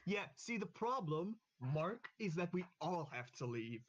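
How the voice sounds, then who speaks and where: A man's voice: sits high, big pitch swings, unhurried, highs cut off, slight background noise. A man playing a tabletop game with friends, thinking aloud and counting out his moves. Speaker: player. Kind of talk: casual tabletop game chat.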